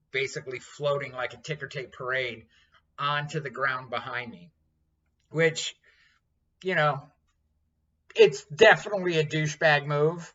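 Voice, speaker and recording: A man's voice: medium pitch, pushed and bright. A man in his fifties, a chef, telling a story in casual chat, blunt and profane. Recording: dull lo-fi sound.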